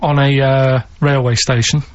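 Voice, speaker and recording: A man co-presenting on the radio, talking in a plodding, matter-of-fact, deadpan way while reading out quiz clues. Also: medium pitch, unhurried, heavy background noise. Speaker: radio show co-presenter running a quiz segment. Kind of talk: casual radio banter. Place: radio studio. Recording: dull lo-fi radio recording.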